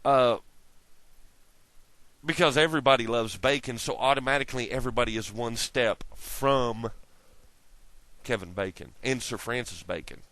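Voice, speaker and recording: A man's voice: mid-range voice, moderate pace, fairly bright tone, no room sound. A man rambling through a casual monologue to his camera, swearing often, laughing at his own jokes and jumping from tangent to tangent. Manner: profane, laughing, jumps between tangents. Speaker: vlogger.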